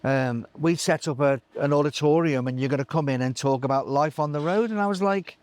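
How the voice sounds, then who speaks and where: Man telling lively road stories. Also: on the high side, brisk, no room sound. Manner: animated storyteller acting out voices, many restarts. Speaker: live sound engineer guest. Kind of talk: anecdotal interview chat.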